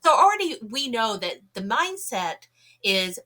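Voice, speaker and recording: A woman guest on a podcast telling a story in an animated way, acting out the people she quotes, with a slight cough. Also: a little high, a little slow. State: slight cough, sore throat. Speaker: guest, UFO investigator.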